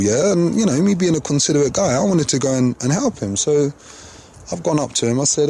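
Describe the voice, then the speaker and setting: A man's voice: a little high, lively intonation, brisk, dark tone, breathy edge. A man telling a casual anecdote, full of slang and swearing. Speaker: storyteller.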